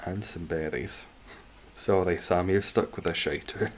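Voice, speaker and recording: Low, unhurried Scottish man streaming. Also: slight background noise. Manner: joking, rambling and sweary. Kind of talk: casual gaming stream chat.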